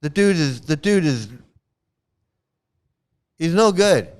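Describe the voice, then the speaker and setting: A man's voice: on the high side, lively intonation, slow pace, smooth. A man hosting his own commentary channel, ranting and mocking with lots of repetition and swearing.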